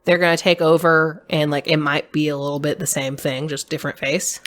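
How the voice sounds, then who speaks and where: A woman co-hosting a casual podcast, trading quick, frank reactions about a film and swearing now and then. Her voice sits a little lower than most women's. She talks in an easy, conversational way. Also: little pitch movement, fairly bright tone. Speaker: podcast co-host.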